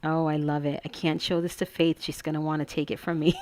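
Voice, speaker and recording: A woman's voice: deep voice, level tone, fast, a little mellow, no echo. A woman hosting a casual crafting tutorial, chatty and gushing, thinking aloud as she works.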